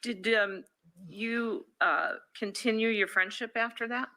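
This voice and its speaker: A woman attorney questioning a witness in court, measured and prompting. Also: on the high side, fairly even intonation, bright, forceful tone, low-quality recording.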